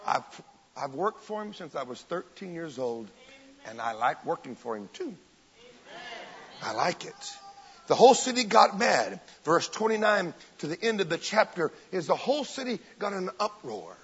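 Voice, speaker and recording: Preacher guy, high voice, kinda husky, big swings up and down, echoey hall. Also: sing-song, moderate pace. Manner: fervent, emphatic preaching with loud bursts and joking asides. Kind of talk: sermon. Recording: long hall reverb, dull lo-fi sound.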